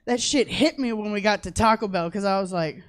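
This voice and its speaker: A young woman performing stand-up comedy, telling a story in a profane, animated way and acting out the people she quotes. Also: medium pitch, fairly quick. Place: comedy theater stage.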